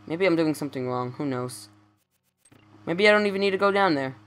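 A man's voice: on the high side, animated, a little fast, fairly bright tone. Young man rambling through game commentary. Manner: rambling, stammering, self-correcting. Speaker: let's play commentator. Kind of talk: casual gameplay commentary.

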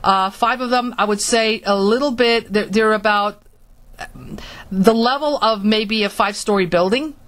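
Halting woman telling a personal story. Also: mid-range voice, fairly bright tone. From Florida, US. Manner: halting, with many restarts and fillers. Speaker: speaker recounting her experiences.

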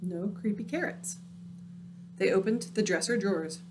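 A woman reading a picture book aloud, dramatic and dropping into hushed, spooky tones. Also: mid-range voice, normal speed, background noise. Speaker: storyteller.

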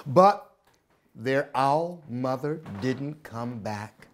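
At a children's storytime, a woman librarian reads a picture book aloud in an expressive, animated voice. Her voice rumbles low and she draws out her words.

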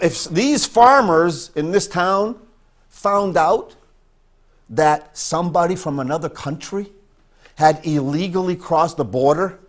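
A man from northern Maine preaching a sermon as pastor, emphatic and repeating his points for stress. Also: fairly high pitch.

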